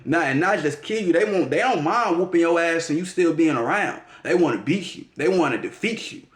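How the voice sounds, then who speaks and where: Man, slangy and profane astrology vlogger, slightly high voice, roomy echo. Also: expressive, brisk. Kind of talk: casual monologue.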